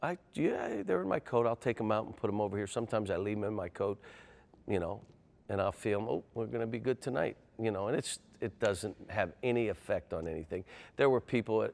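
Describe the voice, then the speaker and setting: Gravelly older man telling stories. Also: fairly low pitch, fairly quick. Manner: animated storyteller, gets loud and excitable. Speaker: basketball coach. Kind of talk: interview storytelling.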